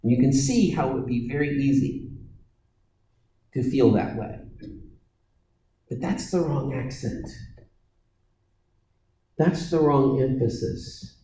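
A man preaching a sermon, telling stories and acting out voices with dramatic pauses. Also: mid-range voice, warm tone, roomy sound, a little hiss or hum, rough recording.

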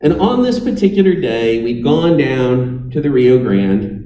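A man's voice: medium pitch, very animated, a little slow, dark tone, roomy sound, far from the mic, a little hiss or hum, rough recording. A man preaching a sermon, telling stories with dry, wry humor. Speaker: pastor.

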